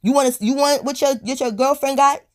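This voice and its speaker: A woman telling a storytime on her vlog in a blunt, profane, animated way, a little high and tipsy. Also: a little fast. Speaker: storytime vlogger. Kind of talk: casual storytime monologue.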